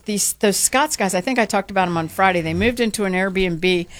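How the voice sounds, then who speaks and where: An American talk radio co-host chats casually in a brisk, mid-range voice. She's an animated storyteller who acts out the quotes in the stories she tells.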